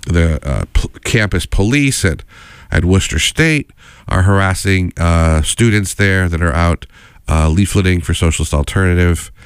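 A deep-voiced man hosts a college radio talk show, wandering off on tangents as he goes, earnest and unscripted. His voice is smooth and clear, caught close on a studio mic in a dry, dead room. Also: dry recording. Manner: rambling, digressive, earnest.

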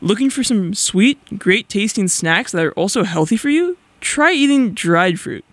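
A man's voice: sits high, big pitch swings, fairly bright tone, dry recording, pitched above the performer's own voice. A young man putting on a cheery public service announcer voice for a mock ad read. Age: young adult. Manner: slow, bouncy promo reading.

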